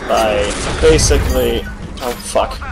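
A man playing a video game and commentating casually, excitable and swearing often. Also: medium pitch, slow pace, creaky, music in the background. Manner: profane, excitable, laughing often. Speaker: gamer. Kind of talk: let's-play commentary.

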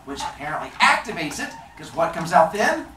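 Man as a storyteller host, lively, playful asides, roomy and far from the mic. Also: on the high side, a little fast, crowd noise. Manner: playful asides that explain words. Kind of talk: reading a story aloud to a group. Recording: roomy, distant mic, faint noise.

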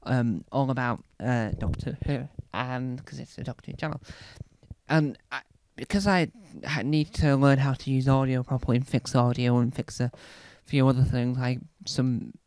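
A British man doing stand-up, telling a rambling story and acting out scenes with sudden loud, high squeals. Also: fairly even intonation, normal speed, dry recording. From Britain. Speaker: stand-up comedian.

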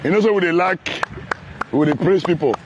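Nigerian male vlogger, high voice, chatty and teasing, walk-and-talk from a city street with faint traffic behind. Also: moderate pace, dull audio. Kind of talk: casual walking commentary. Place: outdoors on a city road under construction.

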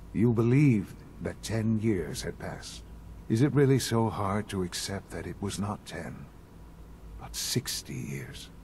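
Game voice: a measured elderly leader, very low voice, gravelly texture. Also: male voice, darkish tone, slight background noise, full character voice. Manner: measured, composed, explanatory. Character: calm elderly male leader of a secret institute. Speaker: game character.

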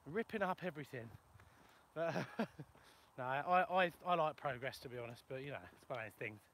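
A man's voice: medium pitch, fairly quick, fairly bright tone. A plumber chatting casually on a live video while he walks across a field, joking about himself and answering viewers' questions. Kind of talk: casual live-stream chat while walking. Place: outdoors in a ploughed field in the countryside. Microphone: phone for a live video.

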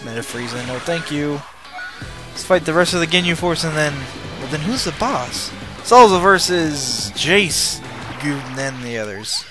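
A man giving casual, rambling gameplay commentary, excitable and swearing while he plays. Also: fairly high pitch, a little slow. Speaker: let's play host. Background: loud game music.

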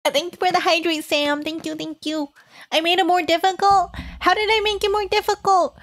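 A woman's voice: very high voice, fairly even intonation, brisk, fairly bright tone, voice pushed up. A woman streamer putting on a cutesy uwu baby-talk voice, giggling and stumbling over words as she reads to chat. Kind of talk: live stream chat in a put-on voice.

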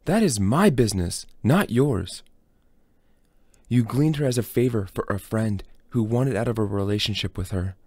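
A man's voice: on the low side, lively intonation, moderate pace, darkish tone, dry recording. A man doing a cold young vigilante. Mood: measured.

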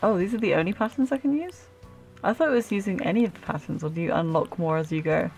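A young woman hosting a gaming channel, giving casual, giggly and excitable commentary while she plays, laughing often. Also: lowish voice, quick pace, soft background music.

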